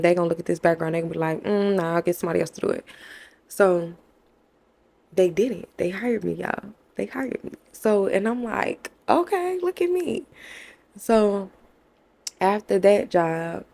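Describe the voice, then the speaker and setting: A woman's voice: lowish voice, vocal fry. A young woman, candidly telling a personal story to her viewers, calling them y'all and acting out what people said to her. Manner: conversational, addresses viewers as y'all, acts out quoted dialogue. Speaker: faith vlogger.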